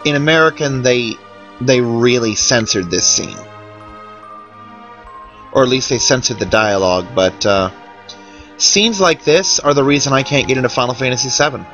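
A man's voice: medium pitch, lively intonation, normal speed, fairly bright tone, muffled recording, faint music behind. A man giving casual, wry commentary over a game he is playing, sounding worn out. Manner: chatty, wry, tired and yawning. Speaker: let's play commentator.

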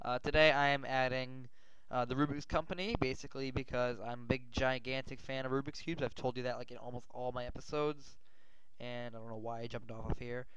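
A male gaming host giving rambling gameplay commentary, often yelling and swearing in panic. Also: mid-range voice, brisk, smooth. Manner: rambling, excitable, yells and swears when panicked. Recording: dull lo-fi mic.

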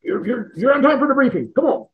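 A man voicing a gruff male Army battalion commander with a Southern accent, barking curt orders. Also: very high-pitched, animated, fast talker, voice pushed up. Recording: tinny phone-like line.

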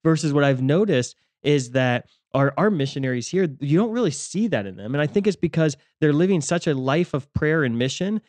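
A man's voice: fairly high pitch, expressive, fairly quick, hardly any pauses, a little mellow, no room sound. A man co-hosting a faith podcast, talking reflectively with many fillers and restarts. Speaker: podcast co-host, ministry leader. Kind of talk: casual faith discussion.

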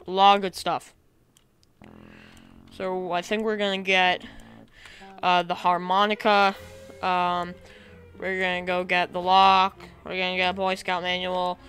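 A gaming video creator, she talks at a medium pitch in a voice gone raspy and hoarse from illness. Her let's-play commentary is chatty: she thinks aloud and breaks into excited cheers.

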